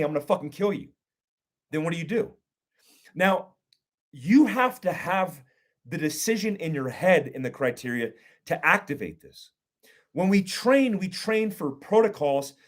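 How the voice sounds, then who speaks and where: A middle-aged man teaching self-defense, talking bluntly and with profanity, acting out street confrontations and questioning the listener. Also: high voice. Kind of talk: instructional talk with acted scenarios.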